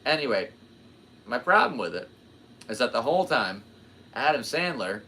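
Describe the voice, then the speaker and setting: A man's voice: medium pitch, big pitch swings, moderate pace, pauses often, sharp tone. A man in his twenties hosting his own podcast, talking in a rambling, jokey way that drifts into tangents. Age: 20s. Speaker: podcast host. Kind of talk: casual rambling monologue.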